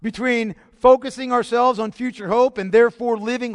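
A man preaching a sermon, emphatic and full of rhetorical questions, pausing to ask the congregation to follow along. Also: very high voice, fairly even intonation, big-room sound. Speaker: pastor.

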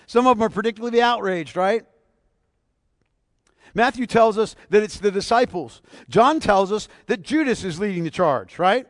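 A male pastor preaching a sermon, moving from hushed near-whispers to loud, emphatic passages full of rhetorical questions. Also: sits high, animated, normal speed, no echo, clean studio sound.

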